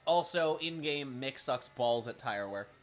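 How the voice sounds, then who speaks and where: A man streaming a racing management game, talking casually with a raspy, smoker-like voice, swearing and making wry remarks as he thinks aloud. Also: mid-range voice, animated, unhurried. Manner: profane, wry, thinking aloud while playing. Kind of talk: casual live-stream commentary.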